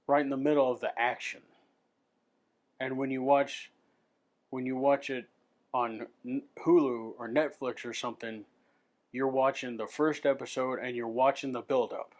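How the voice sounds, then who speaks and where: A man ranting to his camera in an unscripted vlog, swearing freely and stumbling over repeated words as he restarts his sentences. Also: mid-range voice. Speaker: vlogger.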